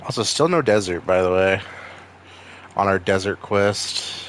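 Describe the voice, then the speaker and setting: A man's voice: low-pitched, unhurried, long pauses, a bit bright, a little hiss or hum. A young man from Maine with a Maine accent, rambling and swearing casually while streaming a game. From Maine, USA. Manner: rambling, profane, wisecracking. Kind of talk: casual gaming stream chat.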